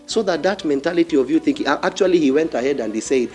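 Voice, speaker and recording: A man's voice: fairly high pitch, animated, quick pace, a little mellow, soft background music. A man with a Kenyan accent preaching a fiery sermon, repeating phrases and challenging his listeners directly. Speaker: pastor.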